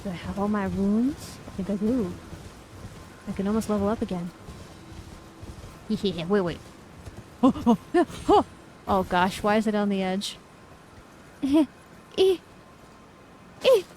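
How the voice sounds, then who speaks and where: A woman in her thirties from the United States, streaming a game live, jumping from sudden high squeals of surprise into relaxed chatty talk with her viewers. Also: takes it slowly, long pauses, a little hiss or hum, poor audio. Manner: excitable, squeals and exclaims at game events, then chats casually. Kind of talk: live gameplay commentary.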